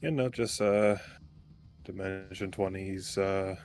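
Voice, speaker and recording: A man's voice: sits low, steady tone, slow, a little mellow. A man chatting casually as a player, making short dry remarks. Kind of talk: casual chat.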